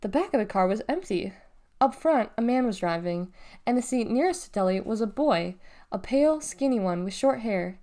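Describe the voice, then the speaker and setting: Woman reader, lively storytelling, slightly high voice, children's book aloud. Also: moderate pace. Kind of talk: reading a children's novel aloud.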